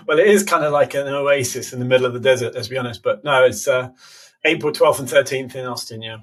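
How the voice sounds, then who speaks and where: A man with a British accent, a podcast guest explaining health topics casually, quick and full of fillers. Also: medium pitch, a bit bright. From United Kingdom. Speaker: podcast guest, biohacking conference organizer. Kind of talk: casual interview answers.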